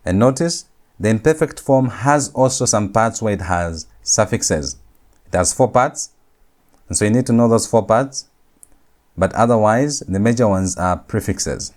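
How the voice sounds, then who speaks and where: A man with a fairly low voice teaches a recorded grammar lecture. He drills every point, saying each rule and each form twice so students can follow. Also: a little mellow. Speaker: Hebrew teacher.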